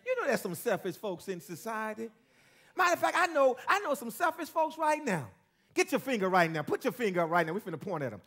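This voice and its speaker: A man preaching a sermon as pastor to a church congregation, with call-and-response and stretches that build to shouting. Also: high voice, big pitch swings, fast talker.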